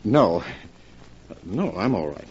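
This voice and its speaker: A low-voiced scheming husband from an old radio play, smooth and guarded, his pitch swinging wide when pushed, all on a dull lo-fi old broadcast recording. He sounds like a man hiding something. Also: big pitch swings, takes it slowly, full character voice. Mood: nervous, evasive. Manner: smooth, then sharp and tense when cornered. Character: scheming husband, middle-aged man, guilty and menacing. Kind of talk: 1940s radio acting.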